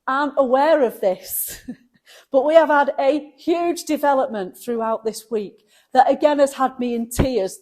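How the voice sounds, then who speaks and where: A woman hosts a casual vlog, talking straight to her viewers in a slightly high voice. She is emotional and quick to laugh, and thanks people warmly as she goes. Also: expressive. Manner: warm, emotional, laughs often. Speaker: vlogger leading a car restoration. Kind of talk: casual chat to camera.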